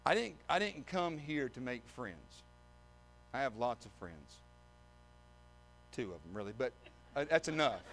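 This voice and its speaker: A man's voice: mid-range voice, big pitch swings, a little slow, gravelly, long pauses, fairly bright tone, a little hiss or hum. A man preaching a sermon, reading scripture aloud and then speaking emphatically, repeating words, with dry humor. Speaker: visiting preacher.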